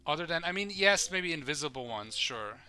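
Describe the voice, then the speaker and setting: A man's voice: on the high side, lively intonation, a little fast, sharp tone, smooth, soft background music. A man rambling casually and swearing as he plays and comments on a live game stream. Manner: rambling, swears casually, thinks aloud while playing.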